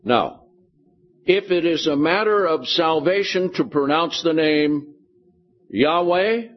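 A man's voice: fairly high pitch, takes it slowly, dull audio. A male pastor preaching a Bible study sermon, explaining scripture verse by verse and checking in with his listeners.

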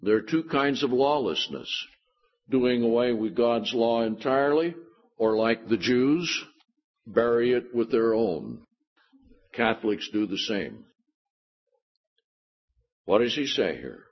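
A man's voice: mid-range voice, expressive, measured pace, pauses often. A man preaching a Bible teaching sermon, emphatic and given to sarcastic rhetorical questions. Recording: dull lo-fi recording.

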